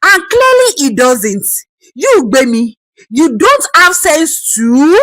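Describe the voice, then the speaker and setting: A woman voicing a fierce older grandmother who scolds loudly. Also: sits high, big pitch swings, slow, no echo, pitched above the performer's own voice, full character voice, rough recording. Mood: scolding. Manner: scolding, shouting, emphatic.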